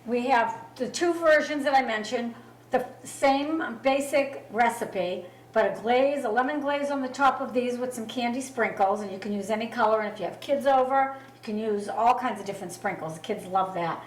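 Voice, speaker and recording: A woman's voice: fairly high pitch, normal speed, roomy sound, distant mic, low-quality recording. A woman co-hosting a casual cooking demonstration, explaining each step plainly. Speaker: cooking show co-host.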